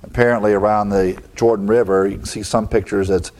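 Man pastor, lowish voice, conversational Bible teaching, rhetorical questions. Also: fairly even intonation, brisk, darkish tone.

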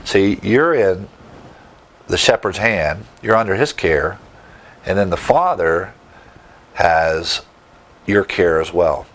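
A man's voice: low voice, expressive, slow, long pauses, fairly bright tone. A man preaching a sermon, teaching verse by verse with emphatic asides and rhetorical questions. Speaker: pastor.

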